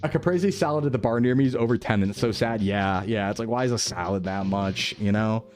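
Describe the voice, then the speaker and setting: A man's voice: fairly low pitch, a little fast, a little mellow, faint music behind. A man streaming live, chatting casually with viewers in a rambling, upbeat way and often repeating himself.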